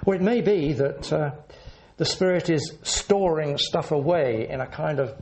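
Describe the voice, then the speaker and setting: A man preaching a sermon in an earnest, measured teaching manner, leaning into words for emphasis. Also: a little high, darkish tone.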